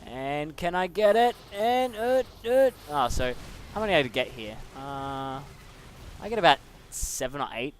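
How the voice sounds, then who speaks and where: A man's voice: on the high side, sing-song, normal speed, slight background noise. A young man casually commentating a replay of his own match, chatty and self-mocking.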